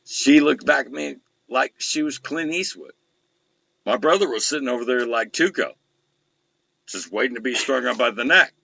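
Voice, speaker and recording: Gravelly, bright-voiced swearing male host. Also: medium pitch, moderate pace, no echo, poor audio. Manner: rambling, swearing storyteller. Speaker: show host. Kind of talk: casual profane chat.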